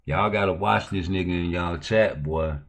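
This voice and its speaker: A man with a low, deep voice hosts a casual livestream. He talks in loose, profane, slang-heavy banter and keeps pushing into heated, loud outbursts. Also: normal speed, gravelly. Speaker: livestream host.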